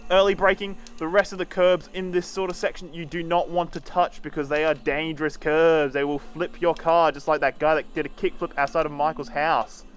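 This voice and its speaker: A man's voice: on the high side, flat delivery, moderate pace, few pauses, clear, resonant tone. A man streaming a racing game, casually talking through each corner as he drives and swearing now and then. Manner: casual, swears, talks while driving. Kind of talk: live sim-racing commentary.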